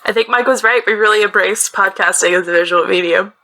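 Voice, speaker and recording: A woman's voice: medium pitch, fast, heavy background noise. A woman hosting a podcast, telling a true-crime case in casual, chatty talk with laughing asides. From northeastern United States. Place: small closet-like bedroom.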